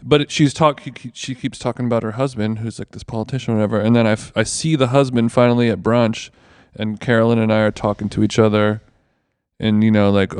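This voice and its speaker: A man's voice: lowish voice, level tone, quick pace, darkish tone, smooth, no room sound. A man co-hosting a podcast, rambling through a casual story and swearing freely. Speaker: podcast co-host. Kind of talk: casual chat. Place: basement of a villa.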